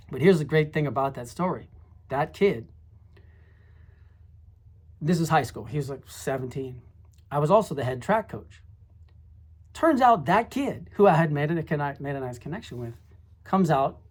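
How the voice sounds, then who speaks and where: A middle-aged former high school teacher telling classroom stories in a rambling, reflective way, full of asides. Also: a little mellow. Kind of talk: casual storytelling monologue.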